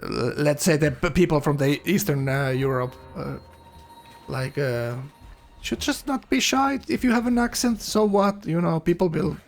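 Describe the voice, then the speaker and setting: A man's voice: fairly high pitch, moderate pace, soft background music. A man from Finland, casually commentating a strategy game, chatty and laughing often.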